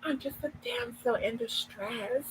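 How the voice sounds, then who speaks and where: A man putting on a meek, breathy woman's voice, pleading for money in a sugary, mocking tone. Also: very high voice, a little slow, noisy background, pitched above the performer's own voice. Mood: simpering.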